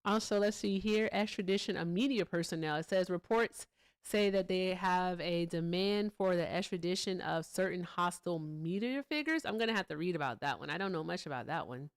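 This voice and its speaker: A woman's voice: fairly low pitch, fairly quick, clean tone. A woman hosting a casual political commentary livestream, talking bluntly with profanity and breaking off to chat with her viewers. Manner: blunt, profane, chats with viewers between points. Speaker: livestream host.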